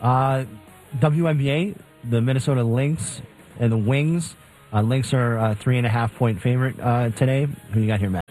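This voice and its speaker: A man's voice: medium pitch, moderate pace, a little mellow, faint music behind, low-quality recording. A man co-hosting a sports radio segment, steadily reading games and betting odds. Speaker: co-host reading betting lines. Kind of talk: casual sports betting chat.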